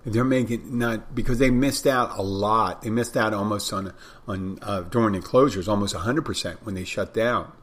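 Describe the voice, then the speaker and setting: Husky-voiced man rambling on a podcast. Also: lowish voice, normal speed. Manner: rambling, chatty, self-correcting. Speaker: podcast host, bartender. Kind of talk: casual solo podcast talk. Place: home in the Florida Keys.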